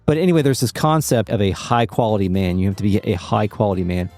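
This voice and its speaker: A man's voice: fairly low pitch, fast talker, soft background music. A man co-hosting a podcast, chatting casually, joking and swearing, and reading game dialogue aloud. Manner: swearing, jokey, animated when reading lines. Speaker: podcast co-host.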